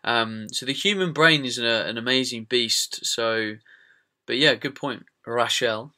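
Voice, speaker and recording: A man's voice: medium pitch, a little slow, sharp tone. A British man hosting a podcast in casual, rambling chat, with frequent fillers and the odd swear word. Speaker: podcast host.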